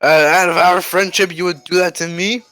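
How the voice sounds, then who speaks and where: Teen boy, bright and clear voice, dry close sound, rambling casual story. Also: sits high, steady tone, normal speed, no room sound, poor audio. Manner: rambling, laughs often, acts out quoted voices. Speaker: podcast co-host.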